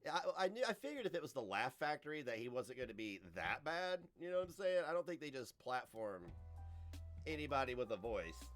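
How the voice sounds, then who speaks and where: A man streaming, giving casual reaction commentary in a loose, animated way and swearing freely. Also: medium pitch, brisk, faint music behind.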